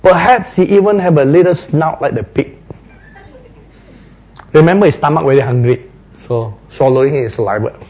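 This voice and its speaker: A man preaching a sermon, retelling a parable with playful, animated storytelling and frequent laughter. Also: a little high, moderate pace, long pauses, slightly rough, muffled recording.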